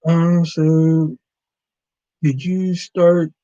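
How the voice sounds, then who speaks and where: A man's voice: a little high, little pitch movement, extremely slow, dark tone, no echo. A man hosting a casual livestream chat, swearing a lot and ranting as he acts out his coworkers. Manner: profane ranting, mimics coworkers. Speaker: livestream host. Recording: dry, dull lo-fi sound.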